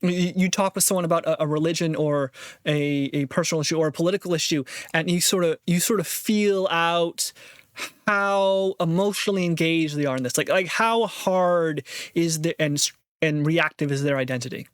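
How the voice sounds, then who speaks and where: A man's voice: fairly high pitch, normal speed, clear, resonant tone, no echo, studio quality. A man talking in a casual monologue, rambling and thinking aloud with frequent restarts, sometimes acting out other people's voices. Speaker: vlogger.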